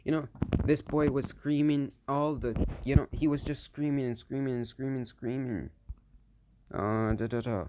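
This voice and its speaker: A man telling an improvised fan story in a halting way, full of filler words and restarts. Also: medium pitch, fairly even intonation, mellow, slight background noise. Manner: slow, hesitant delivery.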